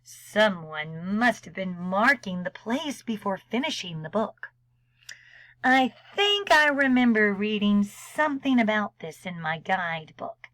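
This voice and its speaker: A woman librarian reading a storybook aloud to children, expressive and unhurried, dropping into soft whispers now and then. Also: mid-range voice, no echo, rough recording.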